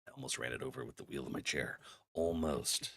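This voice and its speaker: A man's voice: a bass voice, sing-song, a little fast, vocal fry, a bit bright, no echo, clean studio sound. A man streaming a game and chatting casually, laughing often and acting out his friends' lines, while getting over a cold. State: has a cold. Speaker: gaming streamer.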